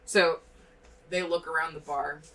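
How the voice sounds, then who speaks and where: A woman's voice: low-pitched, fairly even intonation, measured pace, fairly bright tone, slight background noise. A young woman narrating as game master in a casual, rambling way, with many fillers. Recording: distant mic with background music.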